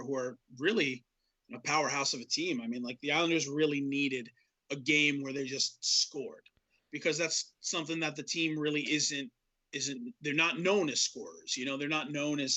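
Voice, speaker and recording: A man co-hosting a hockey podcast, energetic and rambling, swearing casually. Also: on the high side, moderate pace, poor audio. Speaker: podcast co-host.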